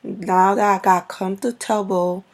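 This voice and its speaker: Woman vlogger, Brooklyn accent; unhurried, rambling chat to camera, level pitch. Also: steady tone. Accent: Brooklyn New York. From Brooklyn, New York. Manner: unhurried, rambling, many fillers. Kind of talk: casual talk to camera.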